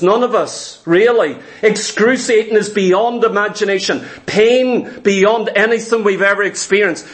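A man preaching a sermon in an earnest, emphatic way, asking his listeners questions. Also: high-pitched.

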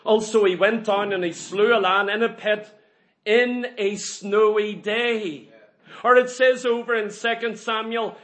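A man preaching a sermon to a congregation, emphatic and full of rhetorical questions, building to loud peaks. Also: high-pitched.

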